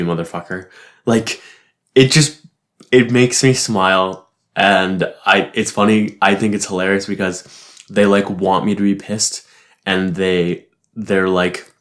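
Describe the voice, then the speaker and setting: A young man talking casually in a reflective monologue, rambling, swearing often and laughing easily. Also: low-pitched. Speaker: vlogger.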